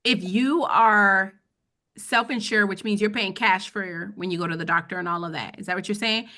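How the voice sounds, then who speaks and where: "Okay?" comes up often as this financial educator checks in with her webinar audience. She speaks at normal speed in a medium-pitched, sharp-toned voice, keeping the finance lesson casual and chatty.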